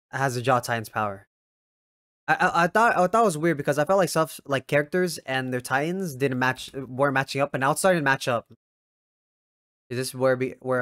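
A young man talks through an anime episode in loose, profane reaction commentary. He jumps from musing to sudden loud yells and piles up exclamations. His voice sits at an ordinary pitch, recorded close and dry with no room sound. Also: dry recording. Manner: excitable, swears a lot, bursts into loud yells.

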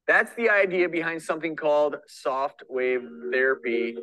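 Man, news reporter, bright tense voice, dry close sound, measured scripted read. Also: on the high side, lively intonation, dry recording, low-quality recording. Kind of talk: news feature narration.

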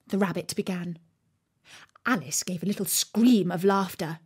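A woman reading a storybook aloud in a slow, expressive way for listening practice. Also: on the low side, husky. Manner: expressive, acts out the characters.

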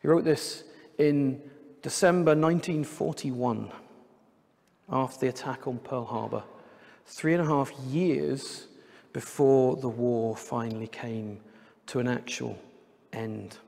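A man's voice: medium pitch, fairly even intonation, slow, vocal fry, long pauses, a little mellow. A man preaching a sermon during a church service, talking in a conversational way and adding light jokes. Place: church sanctuary. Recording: long church hall reverb.

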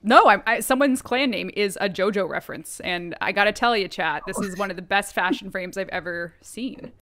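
A woman co-hosting a livestream, excitable and playful, quick to laugh. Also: mid-range voice. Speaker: co-host playing a game on stream. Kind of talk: casual stream chat.

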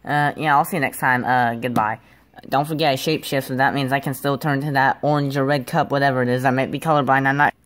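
A woman's voice: a bass voice, fairly even intonation, quick pace. A woman performing an improvised plush puppet skit, talking hesitantly with many filler words. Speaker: plush puppet show creator.

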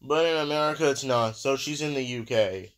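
Smooth-voiced man rambling through a reaction. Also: medium pitch, brisk. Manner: rambling, musing aloud with many fillers. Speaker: video reaction host. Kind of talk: casual reaction commentary.

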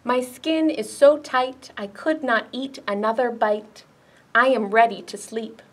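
A woman's voice: on the high side, fairly even intonation, measured pace. A woman voicing a full, contented woodchuck who talks with a sigh, in a children's picture book read-aloud. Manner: sighing, contented.

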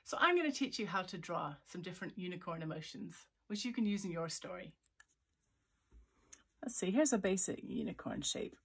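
Lady doing a kids drawing tutorial, kinda gravelly voice, chatty, thinks out loud while she sketches. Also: on the low side, animated, moderate pace. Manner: voices little sound effects for her drawings. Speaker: author-illustrator leading a drawing workshop. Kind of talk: live drawing tutorial for children.

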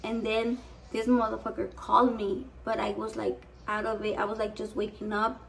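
A woman's voice: on the high side, monotone, normal speed, gravelly, distant mic, slight background noise, poor audio. A young woman telling a rambling, profane story in a casual vlog, slipping into Spanish. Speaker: vlogger.

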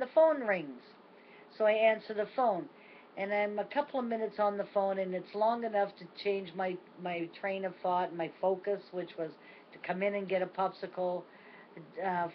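Older woman, low voice, earnest and reflective, video diary, dull recording with faint hiss. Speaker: vlogger. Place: home at night.

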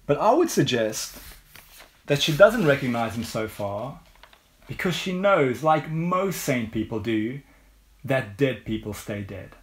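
English guy giving a sermon, slow and steady, asks the listeners lots of questions, mid pitched voice. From England. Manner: measured, unhurried preaching with frequent rhetorical questions. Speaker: preacher.

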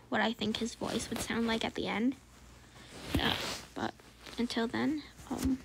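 High-voiced woman with heavy vocal fry, hesitant casual drawing narration, noisy home recording. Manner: hesitant, many fillers, often drops to a soft whisper. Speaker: drawing channel host.

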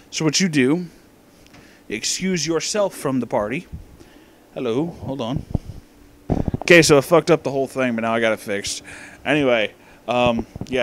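A man's voice: medium pitch, normal speed, pauses often, a little hiss or hum. A drunk man rambling through a profane, meandering movie commentary, often losing his place, recorded in his office. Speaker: movie reviewer.

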